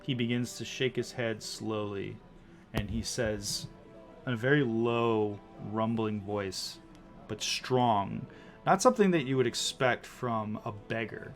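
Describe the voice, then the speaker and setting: Man as game master, loose descriptive narration, soft music underneath. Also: on the low side, slow pace. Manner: descriptive, with many likes and ums. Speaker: dungeon master.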